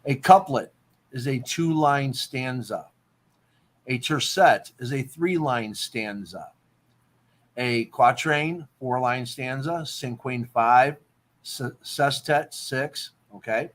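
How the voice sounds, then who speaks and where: A man's voice: mid-range voice, slow. A man hosting a casual talk show, explaining poetry terms and checking in with "okay?" as he goes. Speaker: podcast host.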